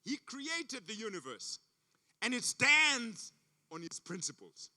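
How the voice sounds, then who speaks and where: A man from Africa preaches as a guest at a church service, his very high voice sing-song, slow, bright, and forceful. He tells stories emphatically, repeating phrases for effect.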